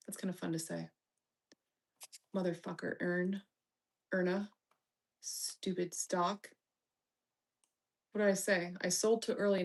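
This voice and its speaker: A woman hosting a casual live stream, reading chat with teasing, bossy remarks and swearing while distracted and muttering to herself. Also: lowish voice. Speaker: livestream host reading chat.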